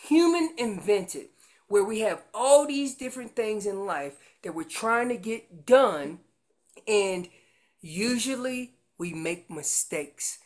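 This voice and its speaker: A man explaining how to make an elk call, teaching in an earnest way and often repeating words as he goes. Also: sits high. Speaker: elk calling instructor.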